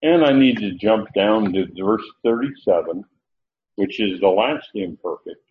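Male Bible teacher, sermon delivery, deliberate and emphatic; lo-fi tinny audio with faint hiss. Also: fairly low pitch, animated. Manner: slow, emphatic, repeats key phrases. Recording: tinny phone-like lo-fi recording.

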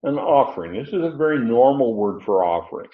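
A man preaching a sermon, explaining a Bible passage verse by verse in an unhurried, digressive way with many fillers. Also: medium pitch, very animated. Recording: roomy, muffled.

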